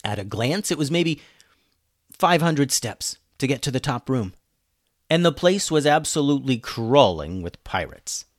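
A man narrating a children's adventure story with an expressive, animated delivery. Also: medium pitch, measured pace, dry recording, studio quality.

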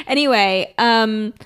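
A woman's voice: fairly high pitch, big pitch swings, drawn-out words, fairly bright tone. Giggly woman recapping an episode. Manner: giggly, rambling recap with fillers. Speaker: podcast co-host. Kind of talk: casual anime recap chat.

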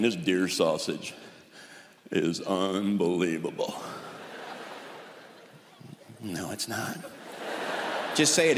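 A middle-aged man doing a stand-up routine in a folksy, mock-exasperated drawl, recorded live on a theater stage. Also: mid-range voice. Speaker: stand-up comedian. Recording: echoey live hall with audience.

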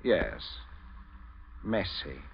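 Smooth polite menacing father, chuckling, lively pitch, dull old radio sound. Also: extremely slow, noisy background, exaggerated voice. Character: genteel, coldly menacing husband and father. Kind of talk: 1940s radio acting.

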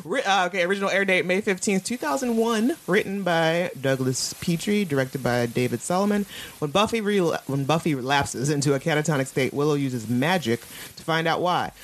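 A podcast co-host recapping an episode in casual chat, laughing often, swearing casually and acting out the characters. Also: mid-range voice. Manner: animated, quick to laugh, acts out characters.

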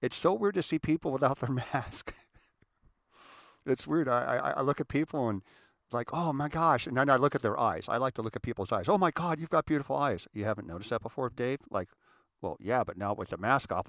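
A man's voice: mid-range voice, lively intonation, a little fast, vocal fry, fairly bright tone, dry recording, clean studio sound. A middle-aged man hosting a show, talking earnestly and emotionally, often repeating and restarting his words. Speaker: podcast host. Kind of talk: casual heartfelt monologue.

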